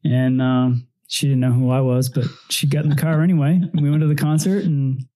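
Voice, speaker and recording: A man in his forties, a podcast guest who tells stories with animated quotes and frequent laughs. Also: medium pitch, fairly quick. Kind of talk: casual storytelling chat.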